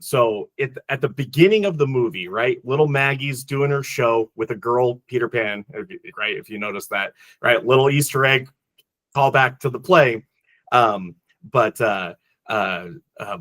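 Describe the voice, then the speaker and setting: Halting, emotional man chatting about movies. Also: medium pitch, fairly bright tone, no room sound. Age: adult father. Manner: halting, many restarts and fillers, emotional. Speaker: podcast co-host. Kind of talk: casual movie discussion.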